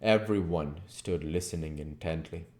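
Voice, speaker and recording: A man reading a classic novel aloud as audiobook narration. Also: low-pitched. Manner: slow, expressive reading. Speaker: audiobook reader.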